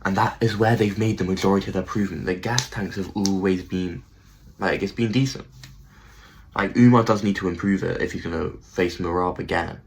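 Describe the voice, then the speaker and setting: Excitable, sweary man ranting. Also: deep voice, a little fast, gravelly, slight background noise, poor audio. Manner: excitable, swears a lot, repeats phrases. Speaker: MMA commentary channel host. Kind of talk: casual ranting commentary.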